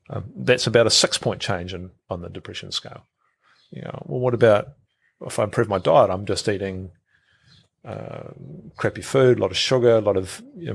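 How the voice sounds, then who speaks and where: A man's voice: deep voice, creaky, a bit bright, breathy edge. A middle-aged man, a podcast guest who talks casually, repeats words and acts out quoted thoughts. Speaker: guest, health researcher.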